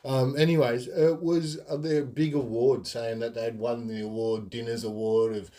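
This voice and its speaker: A podcast host rambles through stories in a casual monologue, giggling and filling it with ums. His mid-range, dark-toned voice moves at a moderate pace with little pitch movement.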